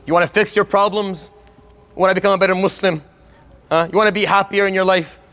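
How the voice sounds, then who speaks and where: A man's voice: sits high, fairly even intonation, quick pace, fairly bright tone. A man giving an earnest religious lecture, speaking emphatically and getting worked up as he urges his listeners. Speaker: Islamic lecturer.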